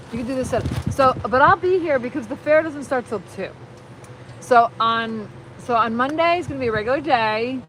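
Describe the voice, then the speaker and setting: Chatty excitable woman live-streaming. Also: fairly high pitch, slight background noise, rough recording. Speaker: livestream host. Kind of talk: casual live-stream chat.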